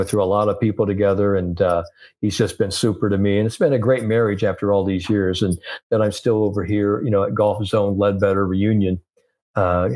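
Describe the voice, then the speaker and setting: An older man from the United States, a sports psychologist and guest, telling stories in an animated, loose way full of "you know"s. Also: on the low side. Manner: animated storyteller, many "you know" fillers. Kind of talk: casual storytelling interview.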